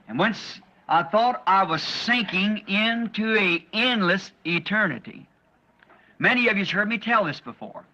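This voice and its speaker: A man's voice: high-pitched, sharp tone. A man preaching a sermon, telling a vision in an earnest, repetitive way, on a dull lo-fi archival recording. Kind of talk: sermon testimony.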